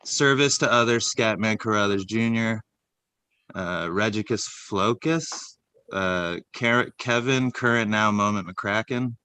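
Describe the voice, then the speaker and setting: Comedy co-host, male, lower voice with bright, crisp tone, dry close mic, deadpan rambler. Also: measured pace, dry recording. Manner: rambling, deadpan list reading with many fillers. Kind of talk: casual comedic chat.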